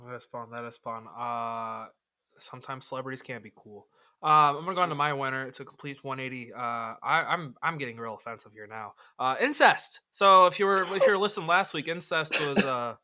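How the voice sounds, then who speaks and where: A man co-hosting a podcast in casual sports chat, animated and quick to laugh, swearing casually. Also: medium pitch, clean tone. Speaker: podcast co-host.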